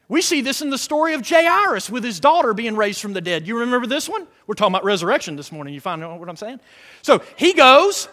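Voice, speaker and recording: High-voiced preacher shouting and hushing. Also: male voice, sing-song, fast talker. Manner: dramatic swings from shouting to near-whisper. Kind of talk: sermon. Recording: long reverb of a hall.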